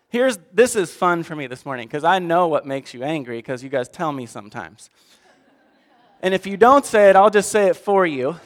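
A man preaching a conversational sermon, talking straight to God and reading scripture aloud with big swings between loud and soft. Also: on the high side, big-room sound. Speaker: pastor.

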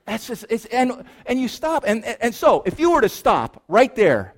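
Speaking at a moderate pace, this high-voiced pastor keeps his sermon playful and animated. Serious lines drop to a hush, while others rise into loud, excited exclamations before the congregation.

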